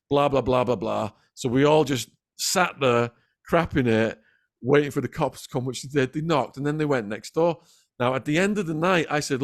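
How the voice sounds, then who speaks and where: A man with an English accent telling a gritty crime story in an animated way, acting out the voices of the people in it and swearing freely. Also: mid-range voice, brisk. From England. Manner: lively, acts out quoted voices, swears freely. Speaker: guest storyteller.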